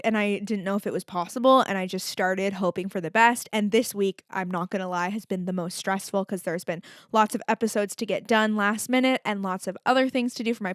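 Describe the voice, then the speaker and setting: A woman's voice: mid-range voice, clear, resonant tone, no echo, clean studio sound. A young woman hosting a casual solo podcast, chatty and candid, with lots of filler words and the odd swear. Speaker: podcast host.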